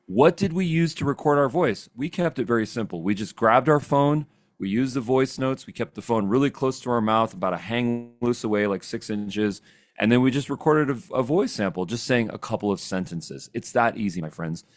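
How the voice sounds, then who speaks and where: A man giving a casual, upbeat screen-share software tutorial, chatty and often checking in with "okay?". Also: mid-range voice, animated, moderate pace. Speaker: software trainer. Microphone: desk microphone.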